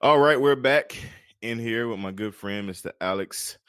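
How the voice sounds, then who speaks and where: Chill podcast host guy, real deep voice, dry mic, laughs a lot. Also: normal speed, fairly bright tone, smooth, dry recording, faint music behind. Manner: laid-back, joking, laughs often. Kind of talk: casual podcast conversation.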